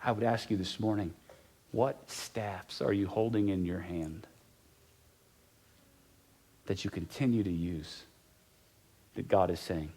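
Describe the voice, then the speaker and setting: A middle-aged pastor preaching a sermon in a conversational way, repeating key phrases for emphasis and sometimes dropping to a near whisper. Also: male voice, sits low, fairly even intonation, slow, long pauses, mellow.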